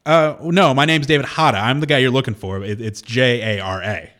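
A man's voice: medium pitch, steady tone, a little fast, a bit bright. A man co-hosting a radio show in a studio, chatting in a playful, self-mocking way. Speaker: radio co-host. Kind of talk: casual radio banter. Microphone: studio microphone.

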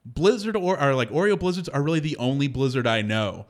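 A male radio host in loose, casual banter with his co-hosts. He rambles as he tells a story, breaking into laughter often, at a middle pitch. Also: expressive, a little fast.

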